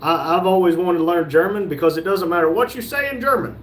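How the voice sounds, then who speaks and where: A man's voice: high-pitched, fast, fairly bright tone, slight background noise. A man from North Carolina, hosting a casual livestream and reading viewer comments aloud with joking replies. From North Carolina, USA. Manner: reads viewer comments aloud and jokes back. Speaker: livestream host reading chat. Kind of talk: casual live chat.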